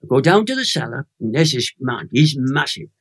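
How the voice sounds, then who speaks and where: A Welsh man in his eighties, a Christian minister telling a personal testimony as an interview guest, animated and emotional. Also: mid-range voice, fairly quick, gravelly. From Wales. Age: 80s.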